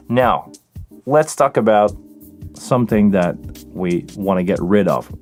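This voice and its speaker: A man hosts a live tech stream, explaining settings as he tweaks them. His voice sits on the lower side and he talks close into a vocal mic. Faint music plays in the background. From Montreal, Canada. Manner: hands-on, explanatory, talks while adjusting settings. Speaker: live sound engineer hosting a Q&A stream. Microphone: close vocal microphone running through a mixing console.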